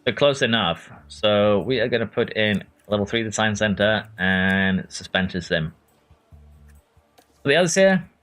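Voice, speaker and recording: A man's voice: lowish voice, fairly bright tone. A man from Norway casually commenting on a racing management game while chatting with viewers. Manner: chatty, answers viewers by name, chuckles often. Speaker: game streamer. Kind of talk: casual gameplay commentary reading chat.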